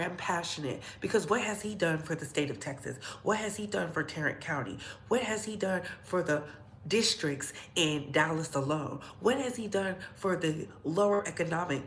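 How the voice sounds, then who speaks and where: A woman's voice: on the low side, expressive, normal speed, slight background noise. A woman vlogger ranting bluntly and profanely in heated commentary, in an echoey room.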